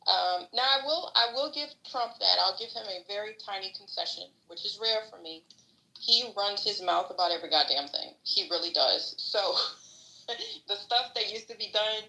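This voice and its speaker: A woman's voice: medium pitch, normal speed, vocal fry, pushed and bright, roomy sound, poor audio. A woman co-hosting a podcast, giving opinionated, salty, rambling political commentary. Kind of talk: casual political discussion.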